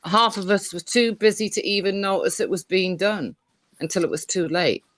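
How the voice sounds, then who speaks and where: A woman's voice: mid-range voice, moderate pace, fairly bright tone, no echo. A woman on a live online panel debate, talking insistently with lots of restarts and rambling asides.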